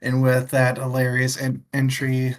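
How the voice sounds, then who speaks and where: Slow, laid-back podcast host. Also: mid-range voice, completely flat delivery. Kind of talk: casual chat.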